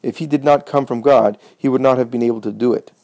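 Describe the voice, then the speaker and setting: A man's voice: medium pitch, fairly even intonation, quick pace, a little mellow, no room sound, close to an everyday voice. A man voicing a bold young man healed of blindness, earnest and defiant.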